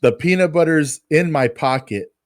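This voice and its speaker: A man's voice: fairly high pitch, normal speed, no echo. A man co-hosting a podcast, telling a self-mocking story about his work as a pest control technician.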